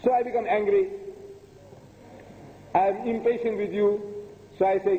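A man's voice: high-pitched, steady tone, a little fast, long pauses. An older man giving a religious lecture, talking emphatically, repeating his points and asking the audience rhetorical questions. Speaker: preacher. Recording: tinny phone-like audio in a long-reverb hall.

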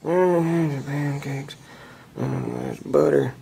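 A man's voice: a little high, huge pitch swings, very slow, creaky, warm tone, breathy edge, exaggerated voice. A man voicing a cranky old male schoolteacher who barks crude orders at his class. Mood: rambling. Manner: crabby, crude, barking orders. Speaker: puppet comedy actor.

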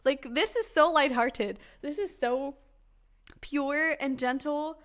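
Young woman doing a tarot reading, bubbly, kinda high voice, rambly. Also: slow pace, a bit bright. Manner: bubbly, rambling, laughs often. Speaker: tarot reader. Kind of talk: casual tarot reading to camera.

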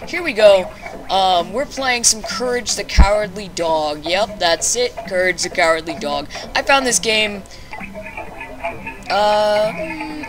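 A woman's voice: fairly low pitch, low-quality recording. A young woman commenting on a game she is playing. She curses often and shrieks in panic at enemies. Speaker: let's play gamer. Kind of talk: casual gameplay commentary.

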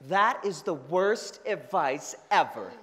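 A man giving an energetic motivational talk to a student leadership conference, telling stories and acting out the voices. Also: on the high side, slow. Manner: energetic storytelling with acted-out voices. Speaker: keynote speaker. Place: large conference hall. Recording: long hall reverb.

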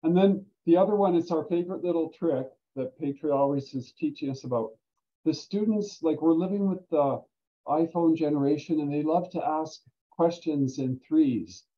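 Older man, anecdotal talk, dark mellow tone, dull lo-fi sound. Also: on the high side, normal speed. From Canada. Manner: animated storyteller who laughs often. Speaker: guest speaker, volunteer standardized patient. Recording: dull lo-fi recording.

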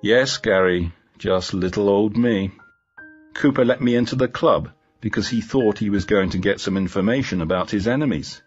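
A man reading the lines of a guarded, bitter female police inspector in a storybook, in a calm, low-key way. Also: normal speed, muffled recording, soft background music, close to an everyday voice. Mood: defiant.

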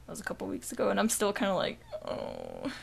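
Talking very fast in a creaky, husky mid-pitched voice with fairly flat intonation, a young podcast co-host wanders through a story. Her casual chatter is packed with "like" and cursing.

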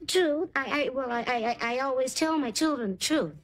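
A woman acting in a sitcom before a live audience, flustered, loud and quick-tempered. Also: high voice. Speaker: sitcom housekeeper character. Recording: TV sitcom audio with loud background noise.

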